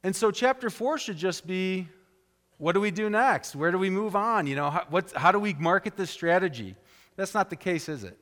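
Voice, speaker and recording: A man delivering a sermon in a fairly high voice. He retells a story and jumps into raised, animated voices for the characters he quotes. His words ring out with a long echo, as in a large church hall. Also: moderate pace. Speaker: preacher.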